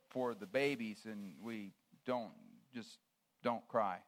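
A man preaching a sermon, laying out word meanings in short, measured phrases and swinging from hushed near-whispers to loud proclamations. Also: lowish voice, fairly even intonation.

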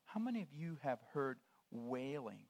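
A man preaching a sermon, laying out word meanings in short, measured phrases and swinging from hushed near-whispers to loud proclamations. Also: medium pitch, very animated.

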